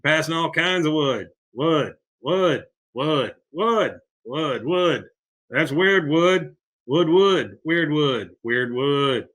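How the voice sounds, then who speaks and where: A man's voice: a little high, expressive, slow, fairly bright tone. A man voicing a worn-out, whiny middle-aged cartoon man who wheezes as he complains. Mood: dazed.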